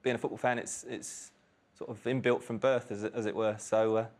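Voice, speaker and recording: A man's voice: medium pitch, level tone, fairly quick. A man, a quiz contestant, chatting casually and hesitantly, with many fillers. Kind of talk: casual chat.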